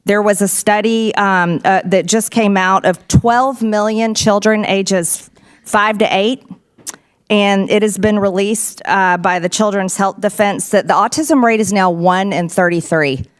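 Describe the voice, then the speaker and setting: A woman's voice: mid-range voice, fairly even intonation, measured pace, smooth. A woman speaking formally at a congressional hearing, emphatic and insistent.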